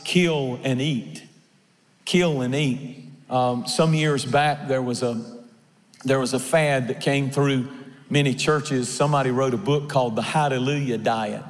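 A man's voice: medium pitch, big-room sound. A male pastor preaching a sermon, emphatic and given to repeating his words as he tells stories.

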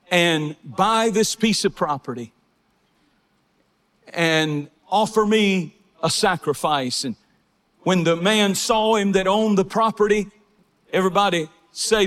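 A man preaching a fervent sermon, swinging between shouted praise and hushed storytelling. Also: sits high. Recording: hall reverb.

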